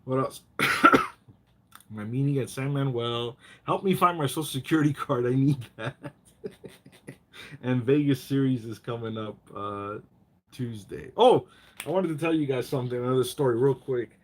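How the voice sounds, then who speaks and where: A man's voice: mid-range voice, moderate pace. A man hosting a casual live chat, telling rambling stories full of profanity and getting worked up.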